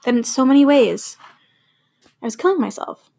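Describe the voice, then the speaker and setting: A woman with a somewhat high voice talks frankly about sobriety. She is emphatic and repeats firm affirmations, and she swears freely when she makes a point. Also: expressive, moderate pace, vocal fry, warm tone. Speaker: podcast host. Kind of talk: personal sobriety talk with spoken-word poem.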